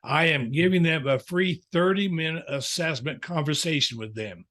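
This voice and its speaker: A man's voice: on the high side, moderate pace, a bit bright. A man, a counselor and author, telling folksy stories in a podcast interview. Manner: folksy storyteller, chuckling asides.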